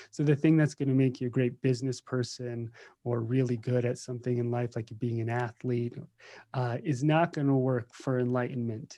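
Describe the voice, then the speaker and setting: A man's voice: mid-range voice, dark tone. A man, a meditation teacher, telling stories in a casual interview, joking and laughing often. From United States. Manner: joking, laughs often, acts out quoted voices. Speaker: meditation teacher, podcast guest. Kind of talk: casual conversational storytelling.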